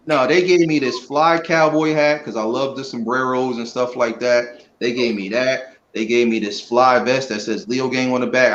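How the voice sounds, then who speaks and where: A man talking as a guest in a casual live-stream interview, relaxed and earnest, rambling a little. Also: mid-range voice, slight background noise. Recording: dull lo-fi audio.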